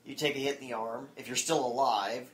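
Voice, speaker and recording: A co-host chats casually on a podcast, laying out game rules in a plain, matter-of-fact way. The speech has some fillers and hesitations, and the pitch is in a middle range. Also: fairly even intonation, fairly quick, a crowd in the background. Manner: explains plans plainly, with fillers. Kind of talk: casual chat.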